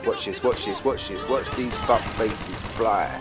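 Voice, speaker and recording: A British man giving crude, excitable let's play commentary while trash-talking enemies in a war game. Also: on the low side, measured pace. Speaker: gamer. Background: game music and gunfire.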